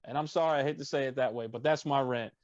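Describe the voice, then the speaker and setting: A man's voice: medium pitch, quick pace, lo-fi sound, a little hiss or hum. A man co-hosting a casual sports podcast, ranting emphatically about his team's players. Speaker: podcast co-host.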